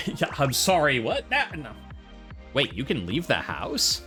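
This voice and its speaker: A man's voice: mid-range voice, huge pitch swings, unhurried, pushed and bright. A man doing playful, joking let's-play commentary, bantering with game characters. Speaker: gameplay commentator. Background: faint game music.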